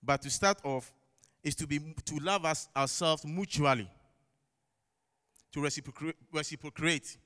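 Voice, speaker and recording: Speaking a little slowly and pausing often, a man with a non-native English accent preaches in a church hall, his voice on the high side, fairly bright, clear and resonant. He is emphatic, repeating key phrases and posing rhetorical questions to the congregation, all under the long echo of a large hall.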